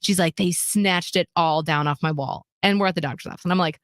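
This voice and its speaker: Animated woman telling a candid story. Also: on the low side, brisk, few pauses, no echo, clean studio sound. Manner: animated storyteller acting out quoted voices, swearing freely. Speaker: radio show co-host. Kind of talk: casual storytelling chat.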